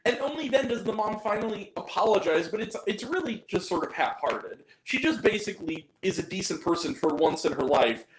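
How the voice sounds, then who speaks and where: A man's voice: sits high, animated, fairly quick, few pauses, reverberant, a little hiss or hum, rough recording. Exasperated, ranting man reviewing a film. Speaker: movie reviewer. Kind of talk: casual spoken film review.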